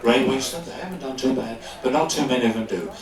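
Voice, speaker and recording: An older man from London, an actor telling anecdotes on stage with animated delivery and frequent laughs. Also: medium pitch, fast. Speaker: guest actor. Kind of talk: live stage storytelling. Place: stage in a club hall before an audience. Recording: echoey hall, distant mic.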